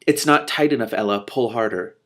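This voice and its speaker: A man's voice: mid-range voice, a little fast, a bit bright, natural voice. A man reading as a vain, bossy stepsister. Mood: haughty. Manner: demanding and preening.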